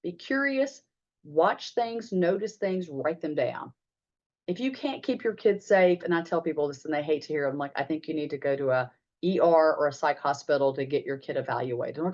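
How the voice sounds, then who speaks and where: A woman's voice: fairly low pitch, brisk, darkish tone. A middle-aged American woman, a psychologist, telling case stories conversationally in a webinar and acting out the dialogue. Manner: conversational, acts out quoted dialogue with "I'm like". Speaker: psychologist presenting a family webinar. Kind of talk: casual presentation with case stories. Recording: dull lo-fi webinar audio.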